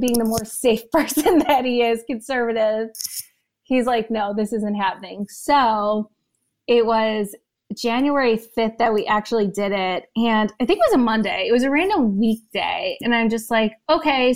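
A woman in her thirties telling her story as an interview guest, emotional and close to tears. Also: on the high side. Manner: emotional, talks in quick bursts. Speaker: podcast guest.

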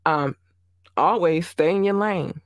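A woman's voice: on the low side, slow pace, no room sound, clean studio sound. A woman in her thirties hosting her own podcast, talking bluntly in a sassy, venting monologue. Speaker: podcast host.

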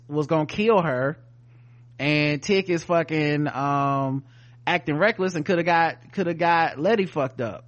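Animated man recapping a TV episode. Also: fairly high pitch. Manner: animated storyteller acting out characters' lines. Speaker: podcast co-host reviewing a TV episode. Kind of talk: casual profane recap chat.

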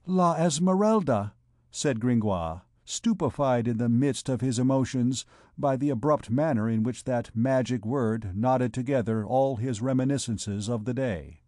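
Slow, measured male audiobook narrator. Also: mid-range voice, warm tone, no room sound, clean studio sound. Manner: measured, formal storytelling. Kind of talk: scripted narration of a classic novel.

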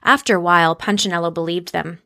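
A woman narrating a children's storybook aloud in an expressive storytelling manner. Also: on the low side, fast, creaky, no echo, studio quality.

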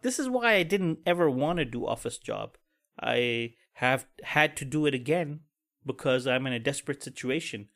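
A man hosts his own podcast and rants at length in a somewhat high voice. He swears freely and sounds bitter and fed up. His talk comes in heated, blunt bursts. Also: a bit bright. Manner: angry, profane, pessimistic venting. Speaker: podcast host. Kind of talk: casual solo podcast rant.

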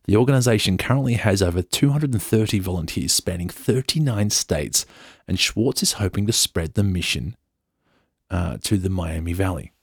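A man's voice: low-pitched, normal speed, breathy edge, dry recording, clean studio sound. An English man hosting a podcast, reading a news story aloud with chatty, joking asides. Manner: chatty, playful, jokey. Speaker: podcast host.

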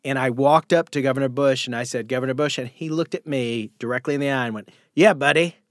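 A man on a podcast telling lively stories about his career as an impressionist, often slipping into quick impressions. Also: medium pitch, dry recording, studio quality. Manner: animated storyteller who slips into impressions. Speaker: guest impressionist. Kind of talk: casual podcast chat.

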